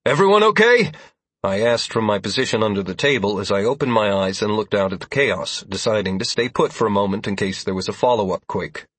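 A man narrating a first-person fantasy audiobook in a measured, even storytelling manner, with a husky voice. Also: on the low side, no echo.

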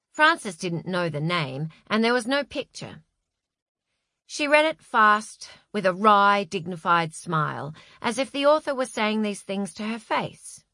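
A woman narrating a novel with wry, expressive storytelling. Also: mid-range voice, dry recording, clean studio sound. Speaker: audiobook narrator. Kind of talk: scripted narration.

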